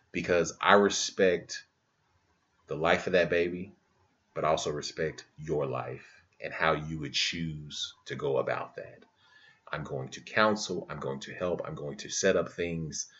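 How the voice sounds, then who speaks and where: Male podcast host with a deep voice, speaking fervently and conversationally over a dull recording. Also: a little slow, fairly bright tone. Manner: impassioned, talks in bursts, says "you know what I mean" often. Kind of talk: casual podcast chat.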